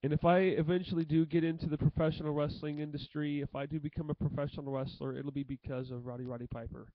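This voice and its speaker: A young man talking to the camera in an emotional tribute monologue, halting and often repeating himself. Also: fairly high pitch, flat delivery, dry recording, muffled recording. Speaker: vlogger.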